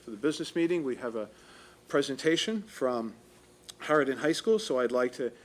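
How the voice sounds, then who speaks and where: A man, a school official, reading formal tributes at a school board meeting, pausing often with hesitations. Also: medium pitch, lively intonation.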